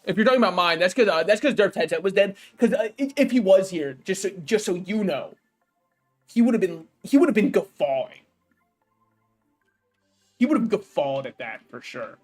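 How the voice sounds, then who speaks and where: A man's voice: high voice, animated, normal speed, soft background music. A young man streaming a game, joking and rambling casually and laughing at his own jokes. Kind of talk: casual gaming stream chat.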